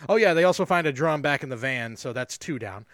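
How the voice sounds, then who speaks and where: A man's voice: mid-range voice, expressive, fairly quick, a bit bright, no echo, clean studio sound. A young man co-hosting a podcast, recapping a movie in casual, sarcastic chat and swearing now and then. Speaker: podcast co-host.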